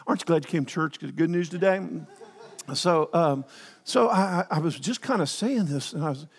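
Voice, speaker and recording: A man preaching in a church, his fairly high voice ringing out in a long hall reverb. He rambles, restarts his sentences and throws in joking asides to the congregation. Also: moderate pace, breathy edge. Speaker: pastor. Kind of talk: sermon. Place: church sanctuary.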